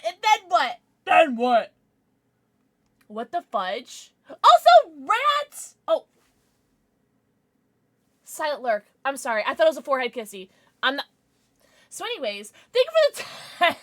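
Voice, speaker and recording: A woman livestreamer chatting casually and thanking subscribers, excitable, giggly and often apologetic. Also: sits high.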